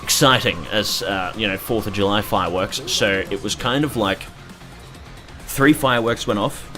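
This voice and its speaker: A man's voice: fairly low pitch, sharp tone. Rambling young Australian man streaming. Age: 20s. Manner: rambling, profane, jokey. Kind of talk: casual chat while streaming a game.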